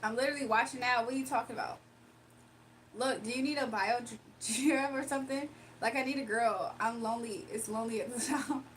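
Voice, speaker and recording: A woman's voice: a little high, fairly even intonation, brisk, a little hiss or hum. A young woman livestreamer chatting casually and reading her chat aloud, sarcastic and playful, laughing often.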